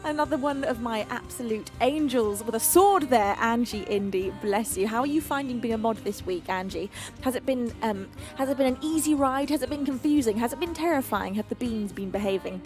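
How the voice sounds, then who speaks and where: A woman from the UK hosting a live music stream, chatting warmly with viewers and laughing often. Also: a little high, expressive, brisk. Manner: gushing, affectionate, laughs often. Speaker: live-stream singer host. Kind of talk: casual chat reading out chat messages.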